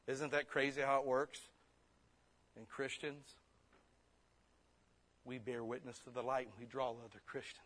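A man preaching a sermon, blunt and forceful, slipping into quick mimicked excuses. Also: medium pitch, little pitch movement.

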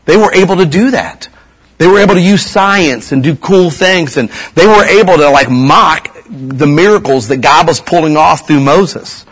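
Husky-voiced man preaching a sermon. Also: a little high, normal speed, a bit bright, poor audio. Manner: conversational preaching, rhetorical questions to the audience.

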